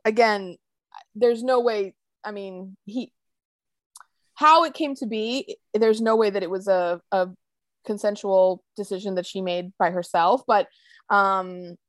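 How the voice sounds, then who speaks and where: A woman co-hosting a podcast, chatting casually about a TV episode, animated and quick to laugh as she acts out scenes. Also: mid-range voice, no room sound. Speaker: podcast co-host. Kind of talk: casual chat recapping a TV episode.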